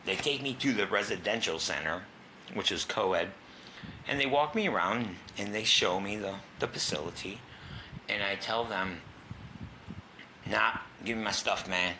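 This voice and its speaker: A guest recounts his recovery story frankly, in a casual, profane style, sometimes sinking to a whisper at tense moments. His voice is fairly low and sharp-toned, with a moderate pace and a little background noise.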